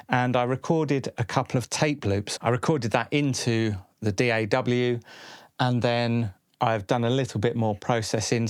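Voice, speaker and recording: A man explaining a DIY synth build in a relaxed, tentative way, thinking aloud with small hesitations. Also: medium pitch, clear, resonant tone, no echo. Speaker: electronics video host. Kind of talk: casual hands-on explanation. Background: synth tones playing.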